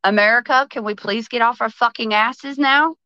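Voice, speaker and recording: A woman's voice: on the high side, bright, forceful tone, clean tone, no room sound, highs cut off. A woman guest on a podcast, ranting about politics with passion, full of swearing and raised intensity. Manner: passionate, profane, fast-flowing. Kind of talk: heated political rant.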